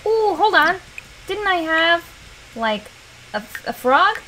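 A woman's voice: very high-pitched, sing-song, slow, sharp tone, slight background noise, low-quality recording. A woman hosting a casual let's play, animatedly talking to her game character and reading game text aloud.

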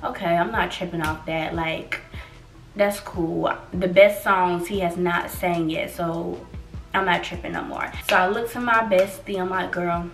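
A young woman tells a story to her viewers in an animated, chatty way and acts out every quote. She sits a little away from the mic in a roomy space. Soft music plays underneath. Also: fairly low pitch, unhurried, recorded from a distance. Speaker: vlogger. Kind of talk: casual storytelling vlog.

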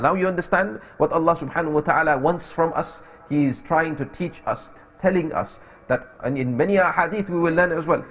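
Storytelling preacher, high-pitched man. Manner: voices the story's speakers, rising to emphatic peaks. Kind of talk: sermon storytelling. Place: mosque.

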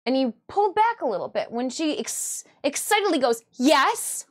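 High-voiced woman telling rambling stories. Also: very animated, a little fast, darkish tone. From Michigan, USA. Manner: rambling and self-correcting, often laughing, acts out quoted dialogue. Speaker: cosplayer and livestream host. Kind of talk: casual storytelling on a livestream.

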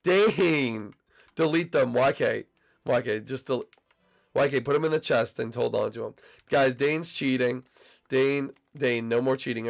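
Excitable young man gaming with gravelly voice. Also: medium pitch. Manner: excitable, teasing banter with teammates. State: recovering voice, slightly hoarse. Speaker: gaming channel host. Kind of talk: casual gameplay commentary.

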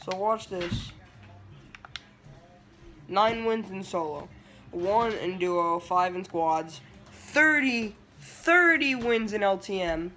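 A man giving live gameplay commentary, excitable and trash-talking, breaking into yelling outbursts. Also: high voice, slow, long pauses. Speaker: gameplay streamer.

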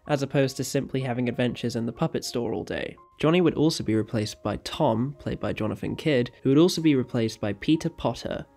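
A man reading a scripted documentary narration in a steady, informative way. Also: mid-range voice. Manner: steady, informative reading with a brief apology for mispronouncing.

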